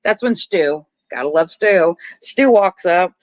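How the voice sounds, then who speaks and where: A podcast host recapping a horror film in casual chat, animated and profane, with lots of filler words and acted-out bits of dialogue. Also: mid-range voice, dry recording. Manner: acts out characters' lines in quick asides.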